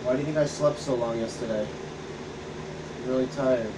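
A man's voice: mid-range voice, steady tone, normal speed. A man co-hosting a game stream, telling rambling, profane stories in casual chat. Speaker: co-host of a gaming channel. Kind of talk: casual chat over gameplay. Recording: distant mic with background hum.

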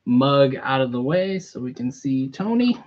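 A man live-streaming a toy unboxing in a relaxed, chatty way, greeting viewers by name. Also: medium pitch, unhurried, highs cut off. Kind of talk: casual live-stream chat.

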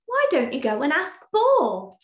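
A woman's voice: high-pitched, wildly swooping pitch, measured pace, full character voice. A woman voicing a big male bull who is scared and makes nervous, apologetic excuses in a storybook. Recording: echoey room.

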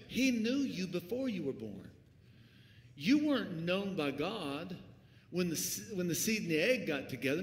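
A man preaching a sermon as pastor, swinging from hushed lines to shouts. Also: high voice. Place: church sanctuary. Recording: echoey church hall, faint ambience.

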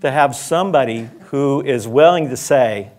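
This conference speaker has a medium-pitched, somewhat mellow voice and talks at a normal speed. During his storytelling lecture at a school conference, he relates an anecdote casually, full of restarts and side remarks.

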